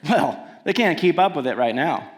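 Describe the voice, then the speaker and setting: A man's voice: a little high, expressive, moderate pace, close to an everyday voice. A man playing an insistent rental car salesman who exaggerates his warnings, told on stage. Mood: pushy. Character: pushy male car rental salesman, middle-aged.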